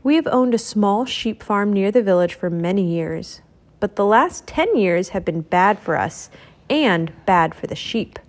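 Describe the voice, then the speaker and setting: A woman's voice: medium pitch, expressive. Woman reading as a sad, worried old farm woman. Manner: slow, gentle, sad.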